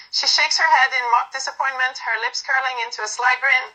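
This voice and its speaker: A woman casually reading aloud the narration of a fan role-play script, moving quickly and stumbling now and then with filler uhs. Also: sits high, pushed and bright, low-quality recording.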